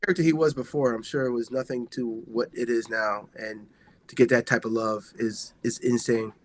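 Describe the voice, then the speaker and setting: A man co-hosting a casual wrestling talk show. He rambles excitedly and circles back on himself, his voice sitting in an ordinary middle pitch. He loads his sentences with filler words. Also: normal speed. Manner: excitable, rambling, heavy use of "like". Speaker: wrestling podcast co-host. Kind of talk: casual chat.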